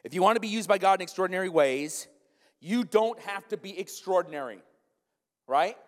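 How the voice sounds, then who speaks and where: A man preaching a sermon in a church, animated and emphatic, often turning to the congregation with asides. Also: sits high, brisk. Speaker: pastor. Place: church sanctuary. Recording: long church-hall reverb.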